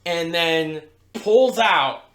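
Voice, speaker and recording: A man's voice: a little high, drawn-out words. A man who works as a strip club DJ, telling a profane story on a podcast and acting out the people in it. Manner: profane, animated, acts out voices in his stories. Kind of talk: casual storytelling. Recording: echoey room.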